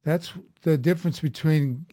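A man's voice: on the high side, moderate pace, dark tone, dry recording, studio quality. A man who is a priest, talking about faith in a rambling, thinking-aloud way with many restarts. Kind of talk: conversational faith talk.

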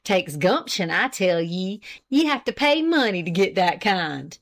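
A woman's voice: medium pitch, very animated, unhurried. A woman doing a pompous old country husband. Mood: indignant. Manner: boastful, indignant, rustic dialect. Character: pompous self-important older country husband.

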